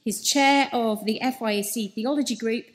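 A woman's voice: on the high side, normal speed, a little hiss or hum. Woman reading scripture and leading prayer. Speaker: service leader.

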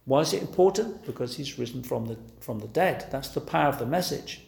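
A man's voice: mid-range voice, lively intonation, brisk, vocal fry, a little mellow. A man preaching a sermon, earnest and pleading, pressing his listeners with rhetorical questions. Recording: echoey room.

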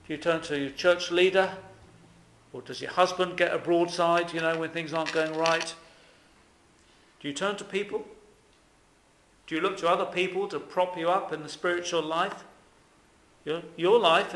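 A man's voice: a little high, bright, forceful tone. Echoey preacher man, questioning. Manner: asks the listeners many rhetorical questions. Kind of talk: sermon. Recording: echoey room.

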